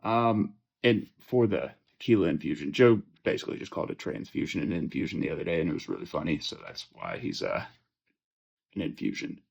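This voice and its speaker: Young male podcast host, low-pitched, rambling and profane, dull lo-fi audio. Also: big pitch swings, brisk, vocal fry. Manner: profane, joking, rambling with many fillers and restarts. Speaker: fantasy football podcast host. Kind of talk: casual ranting chat.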